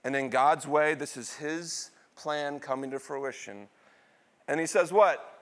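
A middle-aged man preaching a sermon, asking the congregation questions and answering them, with dramatic swings between loud bursts and quiet, low asides. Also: measured pace. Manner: call-and-response questions, dramatic swings in pitch and loudness. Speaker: pastor.

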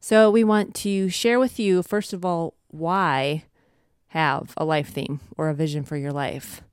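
A woman co-hosting a faith and family podcast, speaking earnestly and warmly. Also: low voice, fairly even intonation, a little slow, clear, resonant tone, dry recording, studio quality. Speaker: podcast co-host. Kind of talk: casual conversational podcast.

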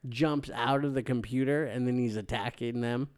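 A man's voice: mid-range voice, fairly even intonation, moderate pace, a little mellow, clean tone. A man co-hosting a podcast in casual movie chat, loose and laughing often, swearing casually. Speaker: podcast co-host.

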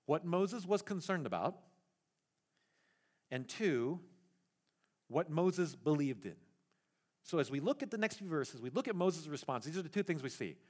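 A male pastor preaching a sermon in an animated way, often repeating words as he goes. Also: a little high.

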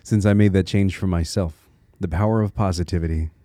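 A man from Connecticut hosts a solo podcast in a low, dark voice with fairly even intonation, talking a little fast. His manner is earnest, reflective, and encouraging, with small restarts as he thinks aloud, and the studio-quality recording has no room sound.

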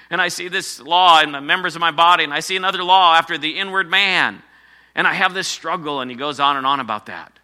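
Male pastor, sermon delivery, emphatic, slightly high and sharp-toned voice. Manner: emphatic preaching, repeating key phrases.

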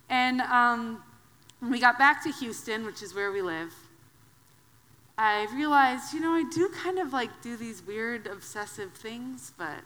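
A woman from Wisconsin, in her thirties, preaching a sermon as a guest preacher, telling personal stories in a conversational, animated way. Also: fairly high pitch, a little slow. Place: church sanctuary. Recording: long hall reverb.

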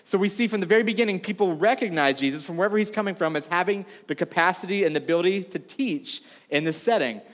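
A man's voice: high voice, fast talker, hardly any pauses, big-room sound. A man preaching a sermon to a congregation in a casual, conversational way, full of asides. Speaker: pastor. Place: church room before a congregation.

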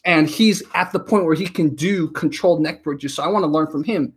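A man in his thirties talking casually as a podcast guest, telling stories and acting out quotes in an animated way. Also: a little high, a little fast, slightly rough. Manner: chatty, animated storyteller, acts out quotes.

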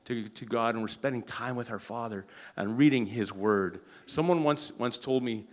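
Guy preaching, lively storyteller, lots of restarts, average pitch. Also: moderate pace. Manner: animated, acts out quoted dialogue; frequent restarts and repeated words. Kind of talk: sermon storytelling.

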